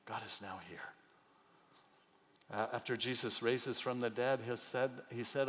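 A middle-aged man preaching a sermon as a pastor, emotional, moving between soft, hushed passages and loud, emphatic outbursts. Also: mid-range voice, steady tone, unhurried. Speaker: pastor and chaplain. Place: church hall. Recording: long hall reverb.

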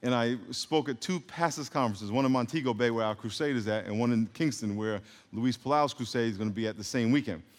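A man's voice: mid-range voice, quick pace. A man preaching a sermon, leading the congregation in call-and-response and adding humorous asides. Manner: call-and-response, having the congregation repeat words. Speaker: pastor. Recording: long hall reverb.

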